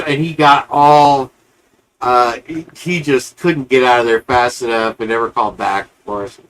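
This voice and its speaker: A man's voice: medium pitch, fairly even intonation, moderate pace, fairly bright tone, slight background noise, poor audio. A man hosting a live-stream show, telling a long rambling story in a casual, profane, chatty way.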